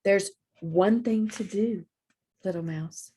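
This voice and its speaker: A woman voicing a wise, kind female animal princess who speaks softly and deliberately in a storybook reading. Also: mid-range voice, slightly rough. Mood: gentle coaxing.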